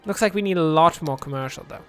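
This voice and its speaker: A man with a fairly high voice talks his way through a city-building game in an easy, offhand manner. He rambles from one joke to the next, dry and self-mocking, and spins out absurd tangents. Faint music plays behind him. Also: quick pace. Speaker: let's play commentator. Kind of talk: casual gameplay commentary.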